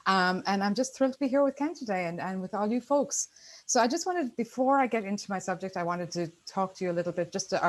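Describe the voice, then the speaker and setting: A woman's voice: medium pitch, rough recording. A middle-aged woman with an Irish accent, giving a chatty, upbeat talk as a guest speaker on a video call, with many fillers. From Ireland. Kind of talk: casual presentation on a video call.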